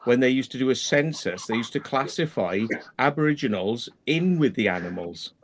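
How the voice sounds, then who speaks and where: Halting man in casual chat. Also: medium pitch, expressive.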